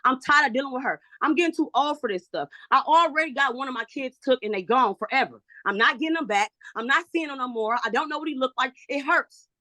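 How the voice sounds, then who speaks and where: A frustrated woman pleads her case in a court hearing, calling in over video from her home. Her voice sits a little high and cuts bright and sharp. The sound is close and dry. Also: lively intonation, fast, hardly any pauses, dry recording. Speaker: mother in a guardianship hearing. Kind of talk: emotional court testimony.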